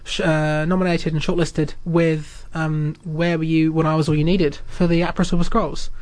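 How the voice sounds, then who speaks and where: A man's voice: on the high side, flat delivery, moderate pace, darkish tone, no echo. A young New Zealand man hosting a radio interview, chatty and friendly, asking long rambling questions. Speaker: radio host.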